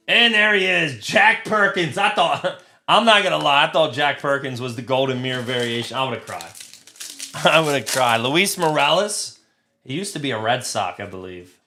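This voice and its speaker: A man runs a live trading card break in a slow, unhurried drawl, his voice sitting a little high and sounding bright and forceful. He talks crudely and jokes as he opens packs, then bursts into shouts when a big card turns up. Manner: crude, excitable, shouts over big pulls.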